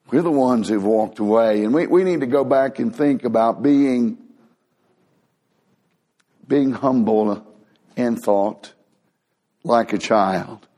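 Animated preacher man. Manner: animated preaching, acts out quoted voices with big pitch swings. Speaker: pastor. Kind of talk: sermon.

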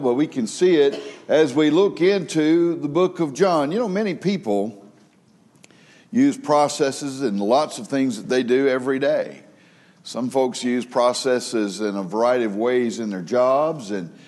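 A man's voice: medium pitch, darkish tone. A male pastor preaching a sermon, telling folksy stories and rising into emphatic preaching. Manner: folksy storytelling with a preaching rise; laughs at his own joke.

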